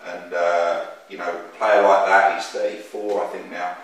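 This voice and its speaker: A man, a football manager talking in a measured, reflective way with some hesitations, recorded from a distance in an echoey room. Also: low-pitched, flat delivery, fairly bright tone. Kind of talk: casual chat.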